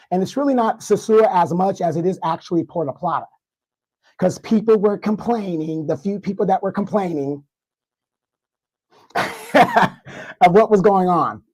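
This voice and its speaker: A man with a congested, hoarse voice, guesting on a livestream discussion and ranting in mock outrage. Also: high voice, warm tone, rough recording. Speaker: guest commentator.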